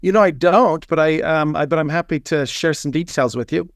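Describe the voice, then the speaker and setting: A man's voice: fairly high pitch, brisk, no room sound, studio quality. Man playing along on a video call. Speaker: webinar host. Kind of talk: playing along in a role-play. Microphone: video call microphone.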